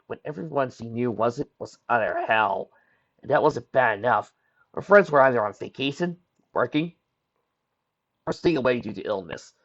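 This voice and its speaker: A man narrating a fan fiction story aloud, in a lively reading with small slips and self-corrections. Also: mid-range voice. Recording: dull lo-fi home recording.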